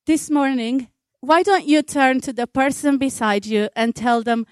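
Woman preaching, chatty and laughing a bit, high voice, talks slow, dry sound. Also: no echo. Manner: conversational, with frequent fillers and laughs. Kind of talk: sermon.

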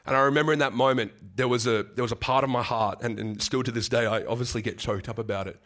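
Brief: young man, earnest halting preacher, mid-pitched voice. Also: fairly even intonation, a bit bright. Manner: earnest, halting, repeats words, gets choked up. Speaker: guest preacher. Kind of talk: sermon with personal story.

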